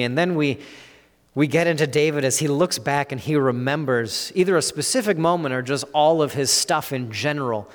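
A man preaching a sermon on a psalm, earnest and halting, with frequent restarts and "you know" fillers. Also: fairly high pitch. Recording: long hall reverb.

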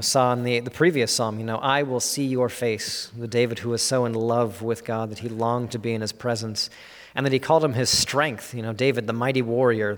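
Earnest man preaching in a reverberant hall. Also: medium pitch. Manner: earnest, halting with many restarts and fillers. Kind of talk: sermon.

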